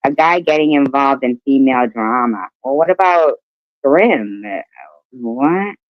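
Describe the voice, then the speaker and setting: A man's voice: medium pitch, lively intonation, unhurried, no echo. A man co-hosting a livestream, reading viewer comments aloud in a mocking way. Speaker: livestream co-host reading chat. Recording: slightly muffled stream audio.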